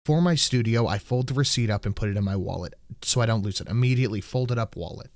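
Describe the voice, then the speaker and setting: A man's voice: on the low side, quick pace, darkish tone, dry recording, studio quality. A man co-hosting a podcast, bluntly and with exasperation recounting everyday run-ins in casual chat. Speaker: podcast co-host.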